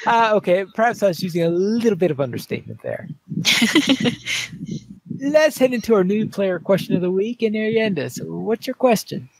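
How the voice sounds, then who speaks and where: A man hosting a game podcast, chatting casually with a laugh, and reading poems slowly. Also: high voice, sing-song, vocal fry, a little mellow, no echo, poor audio. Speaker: podcast host. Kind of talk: casual chat and poem reading.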